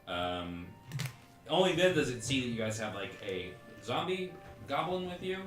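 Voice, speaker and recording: Casual game master in an echoey room. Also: male voice, medium pitch, big pitch swings, normal speed, a bit bright, faint music behind. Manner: rambling, casual, many fillers. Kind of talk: narrating a tabletop game.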